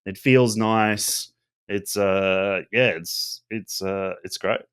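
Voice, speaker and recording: A man's voice: on the low side, steady tone, slow pace, a bit bright, clean tone. A man co-hosting a podcast, chatting casually and often stopping to repeat words. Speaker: podcast co-host. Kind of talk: casual chat.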